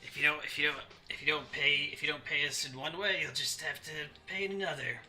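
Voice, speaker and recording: A man voicing a gruff, threatening halfling thug. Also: a little high, fairly even intonation, fast, pushed and bright, faint music behind, pitched above the performer's own voice. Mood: menacing.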